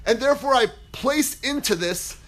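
A man teaching a Torah class as a rabbi, acting out quotes dramatically with big swings in pitch and volume. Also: animated, moderate pace, a bit bright. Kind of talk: animated Torah lecture.

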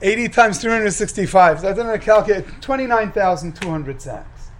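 High-voiced man giving an animated sermon. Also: a little fast, poor audio. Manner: animated, acts out dialogue, repeats phrases for emphasis. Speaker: rabbi. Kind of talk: sermon with storytelling.

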